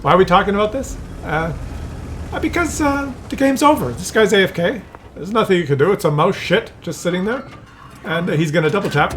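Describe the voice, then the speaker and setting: High bright guy from canada rambling over a game replay, chuckles a lot, faint hiss behind. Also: expressive, brisk, low-quality recording. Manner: rambling, chuckling, mock voices for others. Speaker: gameplay commentator. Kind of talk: casual storytelling over gameplay.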